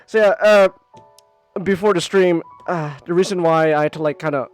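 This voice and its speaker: A man streaming live and chatting casually, animated and swearing often, breaking into high whoops. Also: normal speed, clean tone, faint music behind.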